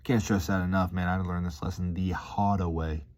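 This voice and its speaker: A man's voice: sits low, little pitch movement, moderate pace, darkish tone. A man vlogging in a rambling, laid-back, slangy casual monologue with life advice.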